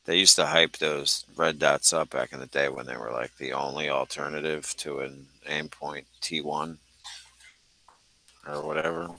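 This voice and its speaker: A man with an extremely deep voice, full of gravelly fry and yet bright and forceful on top. He talks in a laid-back, joking way through a casual podcast chat. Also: fairly even intonation, moderate pace, dry recording, low-quality recording.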